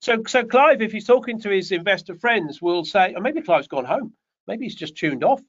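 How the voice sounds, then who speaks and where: High-voiced guy rambling thru a property q&a, kinda muffled video call sound. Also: lively intonation, normal speed, fairly bright tone. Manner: chatty, rambling, joking asides. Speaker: property development coach. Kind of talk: online Q&A session. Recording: dull lo-fi online call audio.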